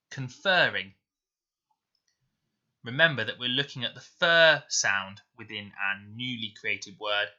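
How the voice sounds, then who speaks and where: Man for a recorded spelling lesson; sharp, bright tone, sounds out each word slowly. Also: mid-range voice. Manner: slow, clear, sounding out words deliberately. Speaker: primary school teacher. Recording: dull lo-fi home recording.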